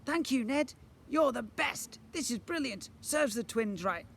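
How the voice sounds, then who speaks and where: A man's voice: animated, a little slow, creaky, a bit bright, full character voice. A man doing cheerful little children. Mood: delighted. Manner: high, cheerful thanks. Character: crowd of delighted young children.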